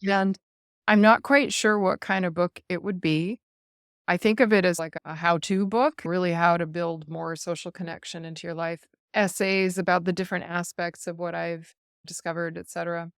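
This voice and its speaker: A woman guest on an interview show, talking in an earnest, animated way and laughing now and then as she tells stories, heard over a video call. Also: lowish voice, moderate pace, clean tone, no room sound, studio quality. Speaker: guest speaker. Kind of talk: casual interview chat.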